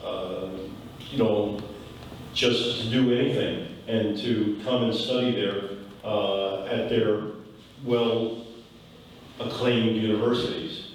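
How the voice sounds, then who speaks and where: Brief: hesitant man with a lowish voice, echoey hall, mic far off. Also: steady tone, slow, long pauses, a little hiss or hum. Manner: hesitant, many fillers.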